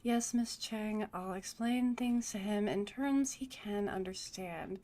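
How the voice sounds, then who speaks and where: A woman reading the lines of a gruff male bodyguard in a game, slow and low. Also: warm tone, close to an everyday voice. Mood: flat. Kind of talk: reading game dialogue aloud.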